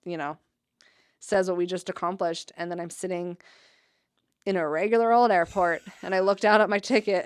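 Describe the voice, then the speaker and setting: A woman's voice: fairly low pitch, smooth, no echo, clean studio sound. A young adult woman, an athletic trainer, telling a story in casual podcast talk, with "like" in nearly every phrase. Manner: chatty, heavy use of "like", animated retelling.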